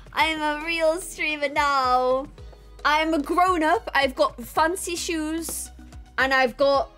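A young woman hosting a casual vlog, excitable and gasping with delight as she chats. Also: high voice. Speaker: vlog host. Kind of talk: casual chat.

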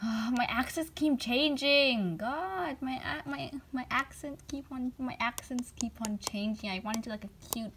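A woman's voice: sits high, a little slow, hardly any pauses, a bit bright, breathy edge. Chatty woman toy vlogger. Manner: chatty, rambling, self-deprecating. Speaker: toy channel creator. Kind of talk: casual vlog chat.

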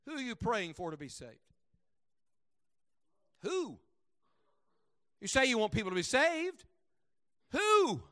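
Male pastor, high voice, dry close sound; emphatic sermon delivery. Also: big pitch swings, a little slow, long pauses, no echo. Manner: emphatic, asks the congregation questions; swings from loud to hushed.

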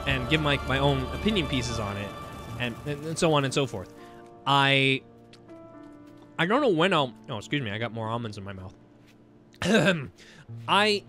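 A young man hosting a casual gaming video, rambling and stammering as he chats, laughing often. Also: medium pitch. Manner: excited whoops while playing. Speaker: gaming channel host. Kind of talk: casual let's-play commentary.

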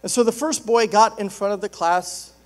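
High-voiced joking pastor. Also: male voice, normal speed. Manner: joking, conversational storytelling. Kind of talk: sermon.

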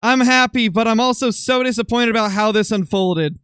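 Excitable young male game streamer. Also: extremely high pitch, moderate pace, clear, resonant tone, dry recording. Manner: excitable, swings from calm to shouting frustration. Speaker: gaming streamer. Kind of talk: excited live-stream commentary.

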